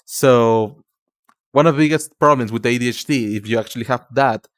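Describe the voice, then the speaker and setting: A man's voice: mid-range voice, normal speed, no room sound, clean studio sound. A young man with a Spanish accent, streaming live and chatting to viewers in a casual way, stumbling over his words and calling people cutie and darling. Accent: Spanish-speaking. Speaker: livestreamer.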